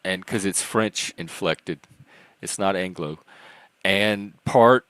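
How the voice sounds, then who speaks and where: Chatty Southern-accented man, lowish voice. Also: slow pace, fairly bright tone, smooth, no room sound. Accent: mixed Southern US, part Cajun. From American South. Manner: chatty, playful, self-deprecating. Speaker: host. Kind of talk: casual group chat.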